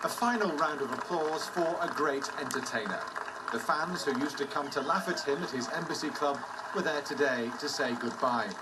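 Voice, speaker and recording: A male news reporter speaking in a measured, slightly high voice. He sits back from the mic, and loud background noise runs under his report. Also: far from the mic.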